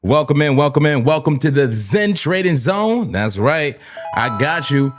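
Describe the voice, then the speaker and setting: A man from New Jersey with a Jersey accent, hosting a live trading stream, hyped and repetitive, giving shout-outs and laughing often. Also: fairly high pitch, expressive, moderate pace, music in the background. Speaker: crypto trading livestream host. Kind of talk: live-stream chat and market talk.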